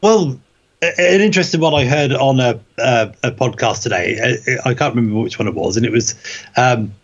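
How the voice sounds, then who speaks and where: A husky-voiced man with a Norfolk accent rambles through his opinions in casual podcast chat. His voice sits at an ordinary middle pitch. The recording is a little dull and muffled. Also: fairly quick. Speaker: podcast co-host.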